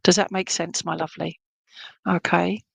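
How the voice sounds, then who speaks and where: A woman's voice: fairly low pitch, level tone, moderate pace, gravelly, a bit bright, breathy edge. Middle aged lady doing psychic readings online, lots of ums, chatty, dry sound no echo. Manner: chatty, rambling, affectionate, with many fillers and restarts. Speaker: spiritualist medium. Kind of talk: clairvoyant readings at an online church service.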